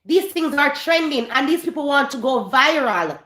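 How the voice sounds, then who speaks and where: A Jamaican woman with a high, bright voice rants through a gossip commentary vlog, hammering her points by repeating them. She drifts between English and Patois. The sound is roomy and echoey. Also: lively intonation, moderate pace. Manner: emphatic, repeats phrases, slips into Patois. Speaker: vlogger host.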